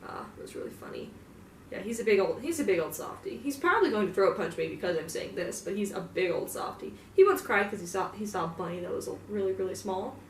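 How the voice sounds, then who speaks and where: A woman's voice: medium pitch, big pitch swings, quick pace, slight background noise. A young woman in a casual, profane in-character monologue, rambling with lots of filler words. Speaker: fan roleplayer. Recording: roomy, distant mic, faint ambience.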